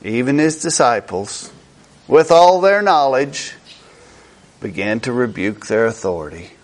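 A man preaching a sermon slowly and emphatically, repeating key words for effect. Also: mid-range voice, animated.

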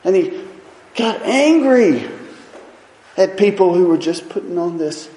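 A man's voice: high voice, animated, measured pace. Impassioned male preacher in an echoing hall. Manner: impassioned and emphatic, swinging between loud and soft. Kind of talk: sermon. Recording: echoey hall.

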